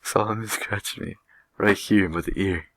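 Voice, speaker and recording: A man's voice: on the low side, steady tone, unhurried, a bit bright, no echo, pitched above the performer's own voice. A man voicing a whiny eight-year-old girl who sobs and wails her complaints. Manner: sobbing, wailing complaints.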